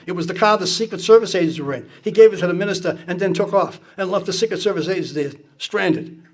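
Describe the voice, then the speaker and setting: A man's voice: high-pitched, fast talker. A man casually telling blunt, profane anecdotes to an audience, acting out the people he quotes with gusto. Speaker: speaker recounting political anecdotes.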